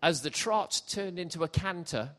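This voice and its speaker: A middle-aged man preaching a sermon, jokey and animated, shifting from quiet asides to loud shouts. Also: high voice, normal speed. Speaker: pastor. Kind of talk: sermon with comic storytelling. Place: church hall with congregation.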